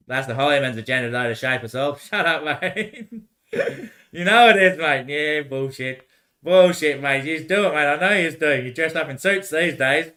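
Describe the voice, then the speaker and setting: A young man rambling in casual talk, swearing, laughing often and repeating short phrases over and over before trailing off into quiet mutters. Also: a little high, expressive, moderate pace.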